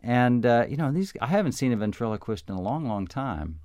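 On a dry, studio-quality recording, a radio talk show host chats in a casual on-air interview, rambling with lots of fillers and restarts. His mid-range, darkish voice is brisk and swings widely in pitch.

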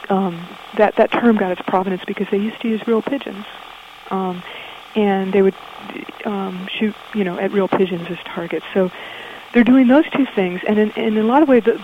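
A woman's voice: medium pitch, slight background noise. A woman guest in a radio interview, explaining in a thoughtful way with frequent ums, heard through dull, muffled audio.

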